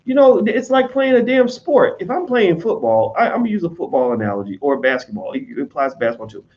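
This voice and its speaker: A man's voice: fairly high pitch, big pitch swings. Blunt profane American man, lo-fi audio. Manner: blunt and profane, mimics people in quick asides. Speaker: online commentator on business. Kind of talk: casual unscripted monologue.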